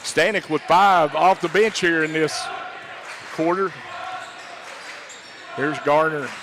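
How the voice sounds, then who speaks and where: A man calling high school basketball play-by-play, rapid-fire, rising to shouts on big plays. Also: noisy background. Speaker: play-by-play announcer.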